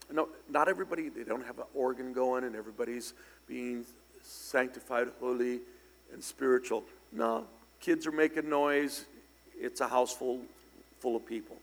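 An older man preaching a storytelling sermon, speaking conversationally with sudden loud, emphatic bursts. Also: mid-range voice, moderate pace, vocal fry. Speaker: pastor. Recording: long church hall reverb.

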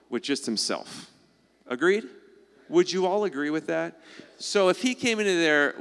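A man, teaching a live audience, animated and full of rhetorical questions, constantly checking in with "all right?" and "okay?". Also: a little high, clear, resonant tone. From United States. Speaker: speaker addressing a live audience. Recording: long hall reverb.

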